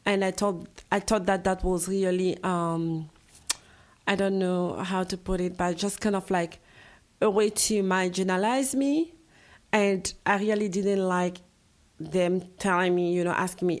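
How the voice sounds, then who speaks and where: A woman's voice: mid-range voice, unhurried. A woman, speaking English as one of several languages, telling her experience earnestly and with animation. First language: Abure. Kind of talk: personal interview talk.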